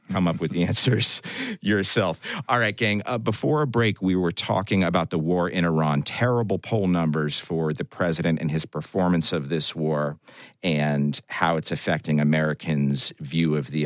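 A man hosting a public radio news talk show, speaking in a conversational, measured way with light jokes. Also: extremely low pitch, no echo, studio quality. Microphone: studio microphone.

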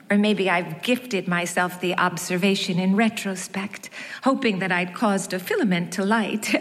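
A woman narrating her own story as an audiobook, wry and measured with light self-mockery. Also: medium pitch. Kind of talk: first-person audiobook narration. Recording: long hall reverb.

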